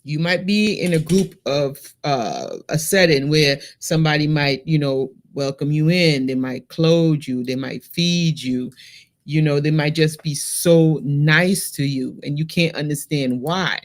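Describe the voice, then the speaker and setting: A woman's voice: low-pitched, a little slow. A woman from Saint Vincent with a Vincentian accent, co-hosting a casual talk show and telling stories animatedly to her listeners. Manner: animated storyteller, addresses listeners directly. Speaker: podcast co-host. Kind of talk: casual chat.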